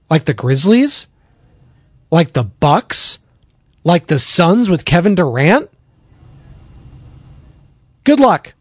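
A man's voice: sits high, a little mellow, dry recording. A man hosting a sports radio show, talking in a sarcastic, rambling monologue that drifts into tangents, recorded at a studio microphone. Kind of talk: opinionated sports talk monologue.

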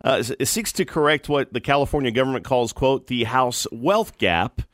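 Male co-host, mid pitch, plain delivery, dry studio sound. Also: animated, normal speed, a bit bright, no echo. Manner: brief replies, reads news items plainly. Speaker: radio co-host. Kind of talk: casual radio talk.

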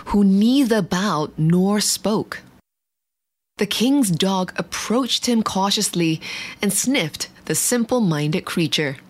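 A woman narrating a bedtime fable, gentle and measured. She reads at a slow, unhurried pace, with her voice sitting in an ordinary middle register. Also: medium pitch. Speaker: storyteller. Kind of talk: bedtime story reading.

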